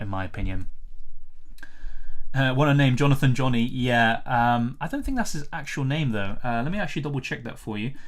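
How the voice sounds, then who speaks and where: A man hosting a live fantasy football Q&A stream, chatting casually, thinking aloud and answering viewer comments. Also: mid-range voice.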